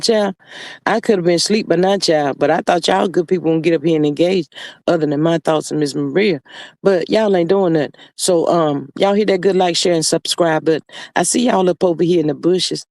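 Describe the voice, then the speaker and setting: A high-pitched man chats on a live stream, sassy and drawn-out, calling his viewers honey and child as he reads their comments. He talks into his phone, and the sound is close and dry, with no room echo. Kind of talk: casual live-stream chat, reading comments aloud.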